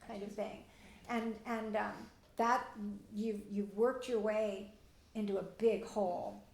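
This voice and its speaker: A woman's voice: mid-range voice, gravelly, echoey room, slight background noise. A woman teaching parents and answering audience questions, plainspoken and direct, often acting out what parents and children say.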